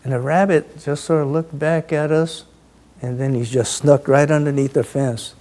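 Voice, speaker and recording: A man in his eighties recounting childhood memories in an interview, halting and full of fillers. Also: on the high side, fairly even intonation, darkish tone.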